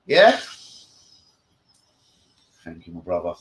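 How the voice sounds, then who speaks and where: Brash man with a lively voice. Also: a little high, unhurried, long pauses, rough recording. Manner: brash, profane trash talk. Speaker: host of a fan channel. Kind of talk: live stream rant. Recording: faint background noise.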